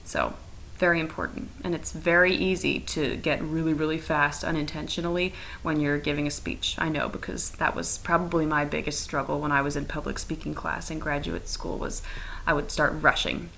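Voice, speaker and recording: A woman's voice: deep voice, fairly even intonation, vocal fry, fairly bright tone, a little hiss or hum, low-quality recording. A young adult woman teacher giving a chatty, playful recorded lesson from her couch at home. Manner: chatty, playful and fast-talking.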